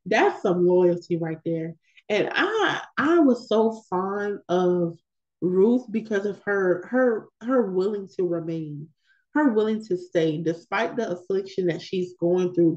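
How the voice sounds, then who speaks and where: A woman's voice: fairly low pitch, darkish tone, highs cut off. A woman leading a women's Bible study, reading scripture and talking it through in a conversational way with emphatic repetitions. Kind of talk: scripture reading with casual commentary.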